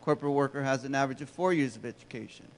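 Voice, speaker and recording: A man's voice: medium pitch, racing, a little hiss or hum. A man giving a conversational, storytelling keynote talk to educators, asking the audience questions, heard with a long hall reverb. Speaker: keynote speaker.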